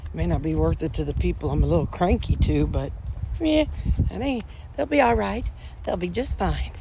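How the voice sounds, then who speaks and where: A woman's voice: on the low side, lively intonation, normal speed, gravelly, background noise. A woman vlogging at home in a rambling, chatty, self-deprecating way, talking casually to her camera. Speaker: weight-loss vlogger.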